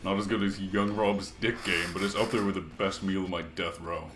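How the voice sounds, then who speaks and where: A man's voice: deep voice, fairly even intonation, normal speed, a bit bright. A half British, half Canadian man streaming a game and joking crudely with his chat as he reads it aloud. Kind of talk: casual gaming livestream, reading chat aloud. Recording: echoey room with faint music behind.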